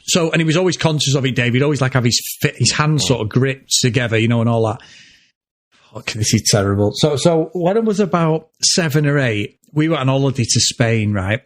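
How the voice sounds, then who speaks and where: This podcast co-host talks fairly quickly at a medium pitch with lively intonation. He tells a family story in casual conversation, laughing a lot and swearing freely.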